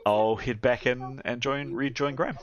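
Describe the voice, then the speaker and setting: A man narrating as game master of a tabletop role-playing game, now and then shouting lines for panicked sailors. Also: medium pitch, steady tone, normal speed, lo-fi sound, a crowd in the background. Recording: faint background noise.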